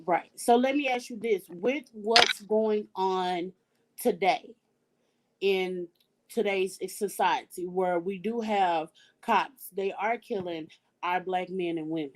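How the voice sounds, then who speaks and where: Woman talk show host, slow-paced, steady affirming interviewer. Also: mid-range voice, rough recording. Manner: measured, affirming listener.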